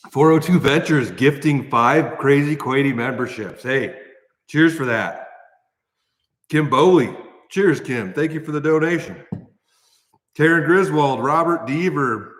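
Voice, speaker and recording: A man's voice: medium pitch, fairly bright tone. Midwestern man, casual livestream host, big echoey shop room, long reverb. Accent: Midwestern American. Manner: coughing and sighing from spicy food, thanking viewers. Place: large new shop building.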